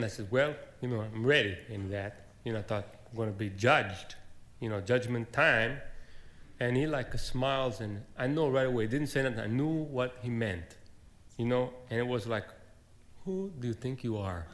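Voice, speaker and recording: A man doing a stand-up comedy set, telling a rambling, folksy story full of fillers and plain grammar. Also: medium pitch.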